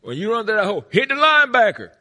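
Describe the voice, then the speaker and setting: A man voicing a gruff youth football coach, hollering orders at a young player. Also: sits high, sing-song, very fast, bright, forceful tone, pitched above the performer's own voice, heavily acted. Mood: barking.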